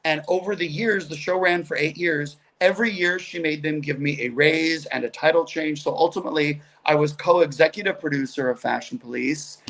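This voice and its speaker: Chatty man with a gravelly voice. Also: on the high side. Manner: animated, chatty, quick asides. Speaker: guest comedian. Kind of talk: casual storytelling on a video call. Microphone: video call.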